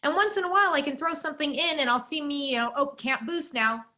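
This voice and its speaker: A woman's voice: sits high, lively intonation, rapid-fire, bright, forceful tone. A woman guest on a talk panel, telling an indignant story about being censored online.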